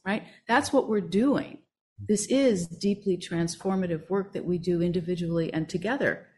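A woman's voice: fairly low pitch, a little slow, a little mellow, a little hiss or hum. A woman meditation teacher leading a group discussion, enthusiastic and affirming.

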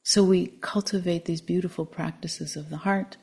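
A woman meditation teacher giving a dharma talk, gentle and reflective with frequent pauses. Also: on the low side, steady tone, slightly rough.

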